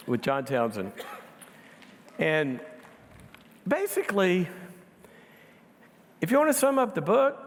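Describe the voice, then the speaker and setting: A man's voice: on the high side, vocal fry, a little hiss or hum. A middle-aged man giving a conversational sermon as a guest speaker, chuckling at his own jokes. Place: large church auditorium. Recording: long hall reverb.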